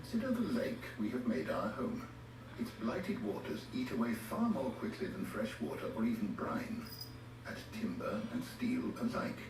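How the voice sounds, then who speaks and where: A learned old scholar from a video game, his measured, formal speech swooping widely up and down. The sound comes from a TV across an echoey room, distant and hissy. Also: mid-range voice, huge pitch swings. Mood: musing. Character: older male scholar, curious and learned. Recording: echoey game audio from a TV, heard from far off.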